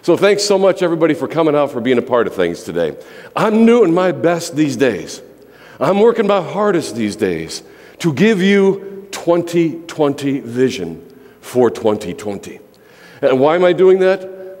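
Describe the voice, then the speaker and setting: A man preaches with a somewhat high voice, driving each point home by repeating it. His sermon rings through a large church with a long, lingering reverb. The delivery is emphatic and rousing. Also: a little mellow. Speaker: pastor. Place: church sanctuary.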